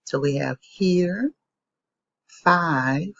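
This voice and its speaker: A woman teaches young children their letter sounds, saying each word twice in a slow, patient way. Her voice is a little husky. The recording is dry, close and lo-fi, with a dull tone. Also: lowish voice, a bit bright, no echo. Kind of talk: phonics lesson for young children.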